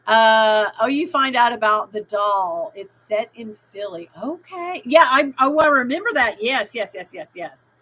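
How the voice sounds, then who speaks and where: A woman's voice: on the high side, lively intonation, a little slow, hardly any pauses, pushed and bright, low-quality recording. A middle-aged woman hosting a casual live stream, rambling and reading out viewers' chat comments with easy laughter. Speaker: livestream host.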